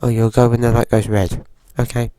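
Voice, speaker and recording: A man with a groggy voice from a cold, giving slow, hesitant casual commentary while playing a driving game. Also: medium pitch, little pitch movement, warm tone, no echo. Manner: slow, hesitant, with frequent fillers. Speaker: gaming channel host.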